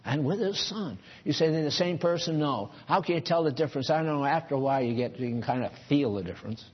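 A man's voice: a little high, quick pace, breathy edge, highs cut off. A man preaching a sermon in a church, folksy and conversational, chuckling at his own asides.

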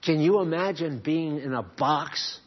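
A man preaching a sermon as pastor, shifting between quiet asides and loud, emphatic climbs. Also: a little high, measured pace, slightly rough. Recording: dull lo-fi sermon recording.

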